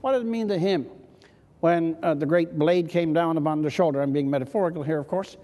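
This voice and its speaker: A man moderates a panel with a wry, theatrical turn of phrase. His voice sits fairly high but sounds mellow and dark. The sound rings with the long reverb of a large hall. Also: a little fast.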